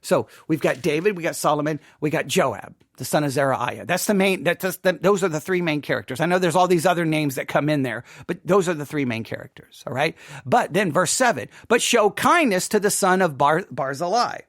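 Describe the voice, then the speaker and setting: A man's voice: on the high side, lively intonation, a little fast, no echo, studio quality. A man teaching a Bible passage in a loose, conversational way, often restarting words and checking in with "all right?".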